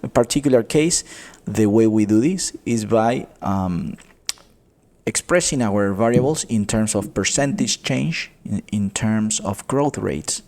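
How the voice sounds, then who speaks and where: A man teaching a coding tutorial, explaining step by step, often calling viewers "guys" and pausing with fillers. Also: lowish voice, darkish tone. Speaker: economics tutor. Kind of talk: screen-recorded coding tutorial.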